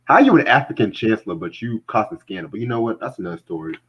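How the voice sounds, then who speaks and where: A man's voice: on the low side, quick pace, husky. A young man hosting a casual podcast, talking bluntly with lots of swearing and frequent laughter. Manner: blunt, animated, laughs often, swears freely. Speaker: podcast host and music reviewer. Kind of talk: casual profane podcast chat. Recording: dull lo-fi recording.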